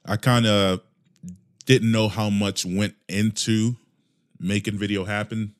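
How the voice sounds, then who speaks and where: Alone at a desk mic with headphones on, a man hosts his podcast in a slow, flat delivery with a fairly low pitch. His casual monologue wanders, full of jokes and profanity.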